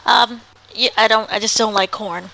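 A woman's voice: medium pitch, steady tone, moderate pace, creaky, bright, forceful tone, poor audio. A woman co-hosting a casual talk show, giving her opinion with frequent hesitant ums. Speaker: co-host. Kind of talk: casual chat.

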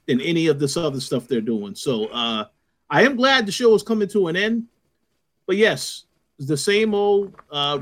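A man co-hosting a podcast, giving measured, hesitant opinions. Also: fairly high pitch, a bit bright. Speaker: podcast co-host. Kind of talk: casual podcast chat.

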